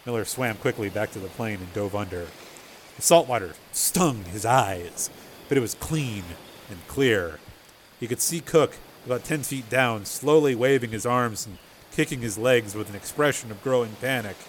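A man narrating a novel chapter in a steady, measured storytelling voice. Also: medium pitch, slight background noise. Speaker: audiobook narrator. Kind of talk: scripted narration.

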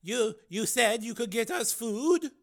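A man doing a trembling, shrill tunnel scavenger. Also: expressive, extremely slow, a bit bright, no room sound, clean studio sound, heavily acted. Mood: terrified. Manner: trembling, pleading. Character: starving, terrified tunnel dweller, begging for life. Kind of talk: audiobook character voice.

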